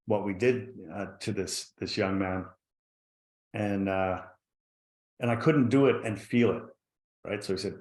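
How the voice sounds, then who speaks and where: Over a video call, a man with a fairly low voice tells a personal story as a panel guest, sounding earnest and reflective. The recording carries a roomy echo.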